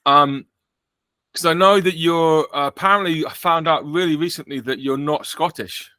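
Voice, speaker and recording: Bright-voiced joking British podcast host. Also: male voice, a little high, normal speed, dry recording. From Britain. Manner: joking, rambling with self-corrections. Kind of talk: casual chat.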